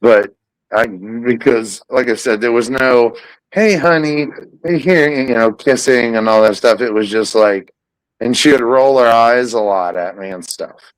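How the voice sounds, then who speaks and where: A man's voice: mid-range voice, steady tone, a little slow, dry recording, low-quality recording. A man hosting a show, telling a rambling story in casual chat, hesitant, with many restarts. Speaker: host.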